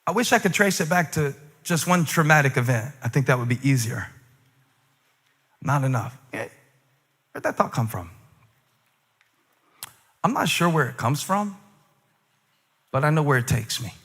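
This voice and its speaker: A male pastor preaching a sermon, moving between loud, emphatic peaks and quiet, musing asides, with humorous remarks to the congregation. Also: fairly high pitch, big pitch swings, normal speed, long pauses, husky, big-room sound.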